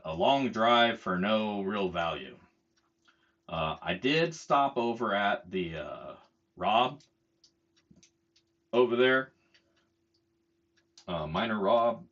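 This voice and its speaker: In a fairly low, slightly bright voice, a middle-aged man who hosts a channel rants heatedly while telling a story. He swears freely and mocks what others said. The recording has a dull, lo-fi sound.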